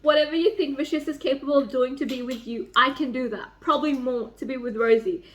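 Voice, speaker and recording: A young woman vlogging at home about a book she is reading, reading passages aloud and reacting with excited squeals and swearing. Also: fast talker, slight background noise. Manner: gushing and excitable, swings into high squeals and swearing. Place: home, near a microwave.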